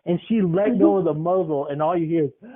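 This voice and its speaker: High-voiced man telling a rambling comic story. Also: brisk, heavy background noise. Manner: rambling, laughs often. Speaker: podcast co-host. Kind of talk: comedic storytelling. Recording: tinny phone-like sound.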